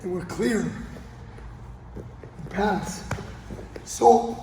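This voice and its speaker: Slow and warm, this man's voice sits high, with a bit of noise in the background. On the mats of a training gym, he demonstrates a grappling technique as a coach, pausing often to check on his partner, while the gym's echo trails off in long reverb.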